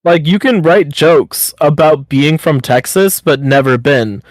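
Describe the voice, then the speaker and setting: A man with a slightly raised pitch chats on a casual podcast. He speaks bluntly, swears casually and keeps pressing his friend with pep-talk advice. The sound is close and dry. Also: unhurried, no echo, rough recording. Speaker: podcast co-host.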